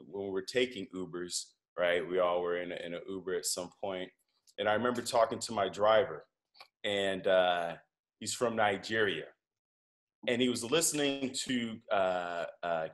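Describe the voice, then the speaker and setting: A man's voice: low voice, moderate pace. A comedian and podcast guest telling a story in easy conversation, a man who rambles a little and often restarts his sentences. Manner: relaxed, rambling, with frequent restarts.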